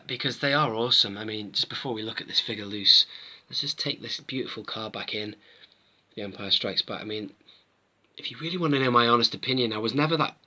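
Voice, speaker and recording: A man's voice: mid-range voice, sharp tone. A man hosting his own toy collecting channel, reviewing figures in a rambling, chatty way that often interrupts itself. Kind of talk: casual review chat to camera.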